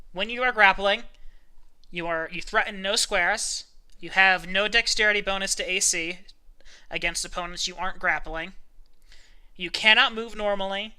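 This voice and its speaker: A man's voice: high-pitched, sharp tone, smooth. A man running a tabletop game as game master, explaining rules at length with many ums and uhs.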